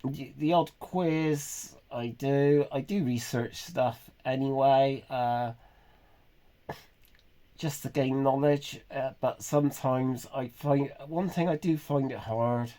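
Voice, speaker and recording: Middle-aged man, vlogger; halting, earnest, mid-pitched, restarts a lot. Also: fairly even intonation, dark tone. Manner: halting, hesitant, many pauses and restarts; earnest and emotionally raw. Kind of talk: personal confessional monologue.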